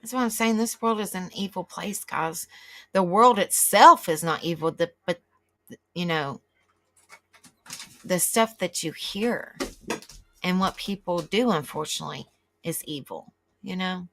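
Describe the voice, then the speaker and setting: A woman's voice: lowish voice, unhurried, long pauses, bright, forceful tone. A middle-aged woman, hosting a live stream and chatting casually with viewers, rambling and reacting aloud as she reads the chat. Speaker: livestream host.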